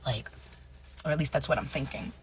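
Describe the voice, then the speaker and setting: A woman in her thirties telling a personal story in a chatty way, full of fillers and dropping into hushed asides. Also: very deep voice, fairly quick, a little hiss or hum. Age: 30s. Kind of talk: casual storytime monologue.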